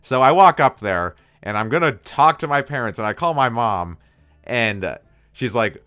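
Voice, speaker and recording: A man's voice: medium pitch, animated, moderate pace, sharp tone, smooth, dry recording, clean studio sound. A young man casually telling a story from his school days, rambling off on tangents and cursing freely. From United States. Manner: rambling, digressive, swears a lot.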